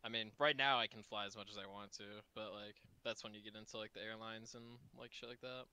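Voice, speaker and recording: A man's voice: fairly low pitch, steady tone, fast, pushed and bright, smooth. A man, a pilot, talking offhandedly with friends in casual gaming chat.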